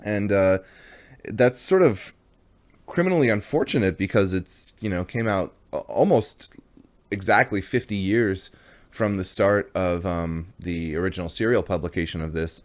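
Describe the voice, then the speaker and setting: A man's voice: low-pitched, normal speed. A man hosting a casual comics review video, chatty and rambling, poking fun at himself as he goes. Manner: chatty, rambling, self-deprecating.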